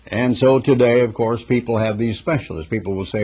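Husky-voiced folksy male preacher. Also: mid-range voice, brisk. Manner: folksy, acts out quoted people in lively voices; reads scripture in a raised, ringing tone. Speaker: pastor. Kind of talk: conversational sermon.

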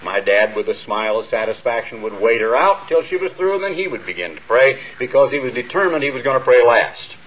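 Older minister preaching on lo-fi radio. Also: male voice, mid-range voice, sing-song. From United States. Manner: earnest, measured, with emphatic rises and pauses. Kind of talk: sermon. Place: church hall before a congregation. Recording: dull lo-fi radio broadcast.

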